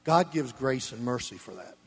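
A man preaching a sermon, blunt and folksy, swinging between loud emphasis and soft asides. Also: mid-range voice, lively intonation, moderate pace, breathy edge. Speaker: pastor. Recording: long reverb of a church hall.

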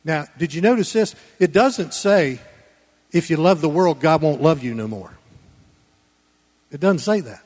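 A man preaching a Sunday sermon in church, folksy and conversational, swinging between loud emphatic lines and quiet low asides. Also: expressive, unhurried, long pauses, long reverb tail. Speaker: pastor.

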